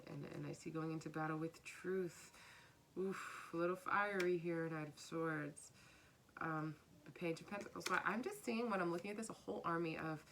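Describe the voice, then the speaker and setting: A woman's voice: sits low, fairly bright tone, a little hiss or hum. A woman giving a casual spiritual tarot reading, earnest and repeating her phrases, sometimes dropping to a whisper. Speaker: tarot reader.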